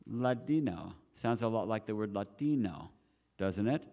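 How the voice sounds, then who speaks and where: A man who is a Reform Jew explaining his tradition to a church group in a measured, teacherly way, with pauses and restarts. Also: on the low side, expressive, warm tone. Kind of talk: explanatory talk with questions. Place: church hall.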